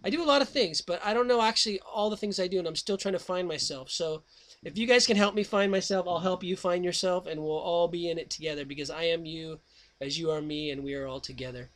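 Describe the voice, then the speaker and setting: A man's voice: high voice, fast talker, fairly bright tone. A man hosting a call-in radio show, chatting in a rambling, scatterbrained way and breaking into snatches of song. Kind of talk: casual call-in radio chat.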